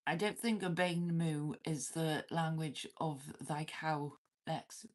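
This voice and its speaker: A woman's voice: low voice, slow, darkish tone. A Welsh woman hosting a livestream from her cabin, chatting casually with viewers, laughing often and swearing freely. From Wales. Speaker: livestream host.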